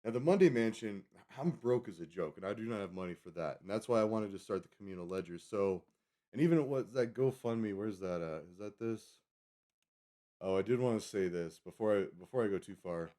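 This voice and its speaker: Rambling low-voiced man streaming. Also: expressive, fairly quick, dark tone. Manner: chatty, digressive, self-correcting. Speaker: live streamer. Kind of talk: rambling casual stream chat.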